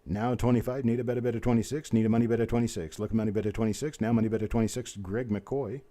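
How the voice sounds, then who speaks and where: A man's voice: mid-range voice, steady tone, mellow. A man hosting a live coin auction, rattling off bid calls between folksy, easygoing chatter. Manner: rapid bid-calling chant mixed with folksy chatter. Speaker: auctioneer host. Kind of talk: live online auction calling.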